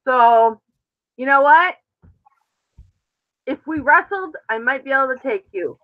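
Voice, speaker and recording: Brash, foul-mouthed woman host, high voice, dull lo-fi stream audio. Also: expressive, measured pace. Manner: brash, profane storytelling. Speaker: host of a live show. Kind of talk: casual live chat. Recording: dull lo-fi sound.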